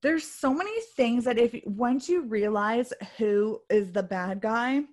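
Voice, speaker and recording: A woman co-hosting a podcast in casual chat, chatty and animated, quick to laugh. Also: a little high. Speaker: podcast co-host.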